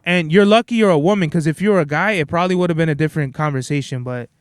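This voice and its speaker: A young man hosting a podcast, telling stories in a blunt, profane, animated rant. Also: fairly high pitch, quick pace, clear, resonant tone, dry recording. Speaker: podcast host. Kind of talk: casual ranting monologue.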